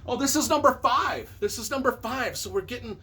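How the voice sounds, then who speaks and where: Bright-voiced enthusiastic middle-aged man. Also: very high voice, fairly quick, husky. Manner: enthusiastic, rambling, self-correcting. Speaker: movie reviewer and novelist. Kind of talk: casual countdown of favorite films.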